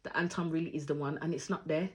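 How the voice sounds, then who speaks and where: A woman's voice: fairly even intonation, fast talker. Opinionated woman, tinged. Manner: opinionated, acts out quotes with big jumps in pitch and volume. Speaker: reality show reviewer. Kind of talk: casual reaction commentary.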